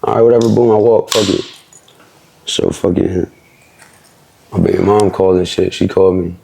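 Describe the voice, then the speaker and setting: A man's voice: low voice, fairly even intonation, moderate pace, vocal fry, mellow, breathy edge. A young man from Philadelphia, a rapper, telling his story in rambling street slang as an interview guest. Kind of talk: casual storytelling.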